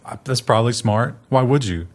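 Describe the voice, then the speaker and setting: A man's voice: mid-range voice, expressive, a little fast, darkish tone. A man with a mid-range voice co-hosts a casual tech news show. He jokes and stays ironic, and he sometimes slips into mocking voices to send up the people in the stories. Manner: joking, mock voices, ironic. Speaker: co-host.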